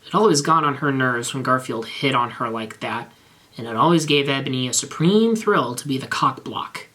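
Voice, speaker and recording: A man reading bad fan fiction aloud in a measured, straight-faced narration. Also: medium pitch, expressive, bright, forceful tone.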